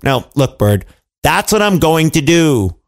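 Brief: man doing a melodramatic storybook king, yelping and wailing, high and swooping, gravelly edge. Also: very animated, a little slow. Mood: exasperated. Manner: wailing, yelping in pain, dramatic. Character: greedy king in pain and despair, adult man.

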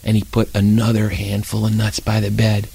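A man telling a children's story aloud with lively, animated narration. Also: fairly low pitch, moderate pace, vocal fry, husky, no room sound.

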